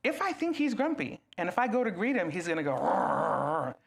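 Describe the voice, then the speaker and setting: A woman gives an animated talk to a gathered audience, her pitch leaping and falling as she acts out small scenes. She keeps turning to the listeners with questions. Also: fast talker. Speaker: guest speaker. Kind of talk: lively talk to a live audience.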